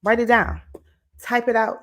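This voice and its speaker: A woman about to turn forty, giving an energetic, encouraging motivational talk to her viewers, checking in often with "okay?" and "right?". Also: fairly high pitch, moderate pace. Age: late 30s. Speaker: motivational vlogger. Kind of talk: casual motivational talk to camera.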